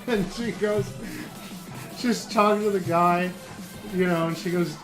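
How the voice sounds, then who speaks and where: A man co-hosting a casual gaming chat, telling an anecdote in an animated way and laughing often. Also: high-pitched, moderate pace. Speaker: podcast co-host. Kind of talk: casual chat over gameplay. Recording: game music playing behind.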